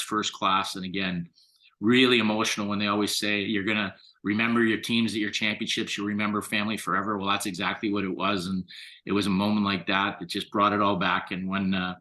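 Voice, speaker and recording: A man, a guest on a hockey podcast, telling animated stories in casual chat and laughing often. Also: lowish voice, fairly quick.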